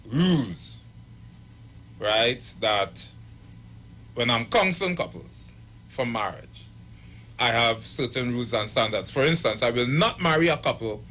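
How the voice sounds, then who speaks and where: A man's voice: mid-range voice, unhurried, long pauses. A pastor and marriage counselor, giving advice on radio and acting out the people in his stories. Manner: animated storyteller acting out quoted voices. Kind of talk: radio talk, storytelling advice.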